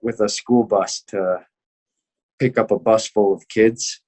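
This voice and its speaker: Low-voiced young man swearing through stories. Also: steady tone, slow, darkish tone. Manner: swears constantly, acts out quoted people. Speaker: MMA fighter guest. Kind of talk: casual storytelling.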